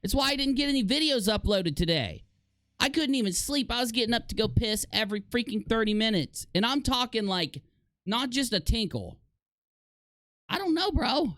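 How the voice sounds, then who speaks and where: A man's voice: high-pitched, no room sound. Guy streaming and joking with chat, sarcastic, voice jumps all over, dry close mic. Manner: sarcastic, animated, laughs at himself. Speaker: live streamer. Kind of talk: casual live-stream commentary.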